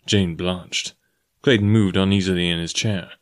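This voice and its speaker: A man reading a novel aloud as an audiobook narrator, in a steady, even manner. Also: low voice, normal speed, dry recording, studio quality. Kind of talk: scripted narration.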